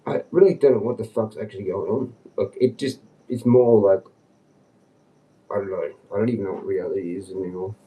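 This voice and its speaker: A man rambling on a casual livestream, agitated and swearing, dropping to mutters and then jumping up in pitch. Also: steady tone, brisk, mellow. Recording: distant from the mic.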